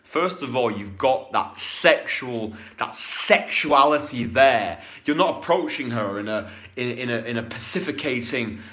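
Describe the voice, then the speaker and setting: A man coaching an audience on dating in a casual, blunt, profane way, swinging between loud punchy bursts and low, slow murmurs. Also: lively intonation.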